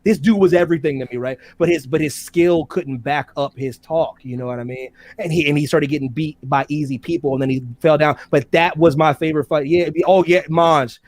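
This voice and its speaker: Animated man ranting about fighters. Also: brisk, hardly any pauses. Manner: animated, swings loud and high when excited; impersonates fighters mid-talk. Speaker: debate show co-host. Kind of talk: casual debate chat.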